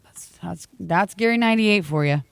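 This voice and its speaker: A woman's voice: medium pitch, normal speed, gravelly, clear, resonant tone, no echo. A woman co-hosting a morning radio show, chatty and teasing in casual banter.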